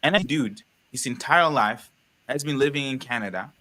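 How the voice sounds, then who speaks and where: A young man from the Congo, speaking as a panelist in a live conversation, talking in an animated, rambling way with many restarts. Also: medium pitch, moderate pace, a little hiss or hum.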